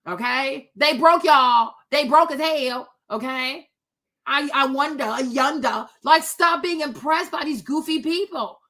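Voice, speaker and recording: Woman, high voice, blunt, sassy, profane, scolding, political commentary host. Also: a little slow, bright, forceful tone.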